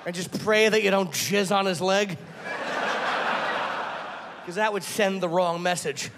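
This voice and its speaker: A man with a high voice performs crude, self-mocking stand-up comedy. He plays short bits in other voices. The set is caught live in a room with long reverb and clear crowd noise. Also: unhurried. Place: comedy club stage before a laughing audience.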